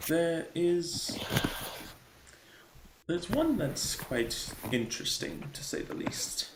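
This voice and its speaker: A man narrating as game master of a tabletop game, in a relaxed, explanatory way. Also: on the high side, slow, creaky, roomy sound, noisy background.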